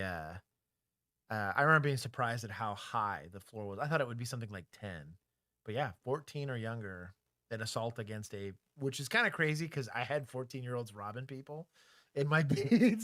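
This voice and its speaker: A middle-aged former police officer with a Texan accent, co-hosting a casual livestream chat in a candid, joking way. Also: male voice, mid-range voice, pushed and bright, no echo. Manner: candid, joking, talks things through aloud.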